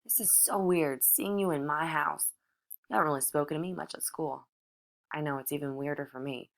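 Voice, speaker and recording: A woman's voice: deep voice, a little fast, gravelly. Woman reading a flustered teenage farm girl. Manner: flustered and earnest.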